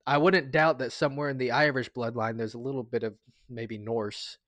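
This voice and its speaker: A man's voice: medium pitch, steady tone, normal speed, fairly bright tone, no room sound. A man live-streaming and chatting casually with his viewers, rambling, stumbling over his words and getting sentimental as he thanks them. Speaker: livestreamer.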